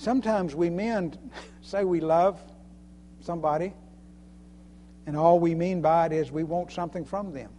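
A man's voice: a little high, measured pace, long pauses, warm tone, a little hiss or hum. A man preaching a sermon in a folksy way, chuckling often and repeating phrases for emphasis. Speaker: preacher and Sunday school teacher.

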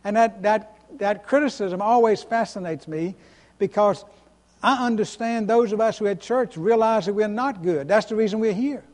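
Man, pastor, sermon, high voice, emphatic, echoing church hall. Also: moderate pace, a little mellow. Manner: emphatic, repeats words, asks the congregation questions.

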